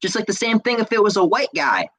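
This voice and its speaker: A man's voice: high-pitched, very animated, quick pace, fairly bright tone, rough recording. Man ranting hotly, full of profanity. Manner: heated, profane, stammering repeats. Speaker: podcast host. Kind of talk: casual ranting podcast, reading viewer comments.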